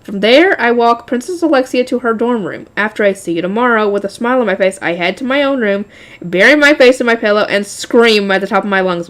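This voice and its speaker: A woman's voice: fairly high pitch, expressive, a little fast. A woman reading a light novel aloud, often laughing and breaking off to chat with her viewers.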